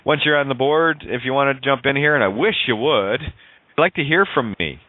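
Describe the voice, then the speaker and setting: Animated radio host on a tinny line. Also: male voice, medium pitch, moderate pace, no room sound. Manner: animated, swears freely, laughs often, wordplay on sounds. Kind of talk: excited, rambling call-in radio talk. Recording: tinny phone-like online call audio.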